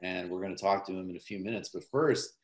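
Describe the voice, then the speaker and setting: A man's voice: low-pitched, fast talker. A man hosting a podcast in casual, teasing chat, often rambling with fillers. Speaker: podcast host.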